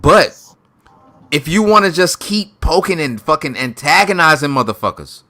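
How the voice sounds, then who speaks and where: A man with a bright, sharp voice, confrontational and profane in a heated voice-chat argument. His sound is dry and close to the mic. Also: on the high side, lively intonation, normal speed, no room sound.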